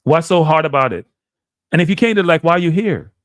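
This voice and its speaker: A man's voice: fairly high pitch, expressive, fast, no room sound. Rambling Jamaican man hosting a live stream. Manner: rambling and exasperated, slipping into patois. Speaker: live show host. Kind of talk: casual live-stream rant to chat.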